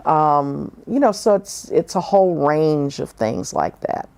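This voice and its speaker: A woman giving an oral history interview, telling her experiences frankly and reflectively, with many pauses and fillers. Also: lowish voice, expressive, gravelly, a little mellow. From northern United States.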